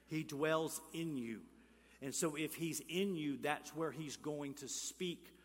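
A male pastor preaching a sermon, rising to emphatic calls, dropping to hushed near-whispers, and asking the congregation questions. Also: on the high side, takes it slowly. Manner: asks the congregation questions and leads call-and-response. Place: church sanctuary. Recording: church hall reverb.

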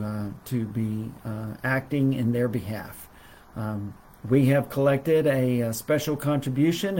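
A middle-aged preacher teaches a Bible lesson to a livestream audience. His voice sits in a plain middle range, and he talks in a halting way, stopping often on fillers and restarting his sentences. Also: mid-range voice, dark tone.

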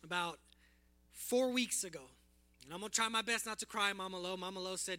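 A man's voice: high voice, a little fast, sharp tone. A man preaching to a congregation, fervent and emotional as he prays and shares his testimony, calling out to the people. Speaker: guest preacher. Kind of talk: sermon with prayer and testimony.

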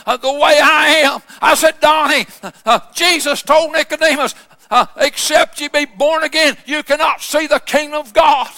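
A pastor shouts a fervent revival sermon in a strikingly high, gravelly voice. His tone is bright and cutting, and it rings through a long church reverb. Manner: shouting, fervent revival preaching with many uh fillers.

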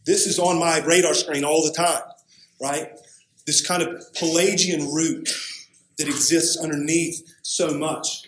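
A man's voice: fairly high pitch, measured pace, a bit bright, slight background noise. Man preaching in an echoey church. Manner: emphatic preaching with frequent "right?" asides. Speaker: pastor. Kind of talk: sermon.

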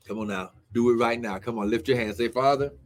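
A man preaching a fervent live-streamed sermon, shouting exclamations of glory and breaking into tongues as he prays. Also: on the low side, level tone, quick pace. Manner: speaks in tongues between phrases.

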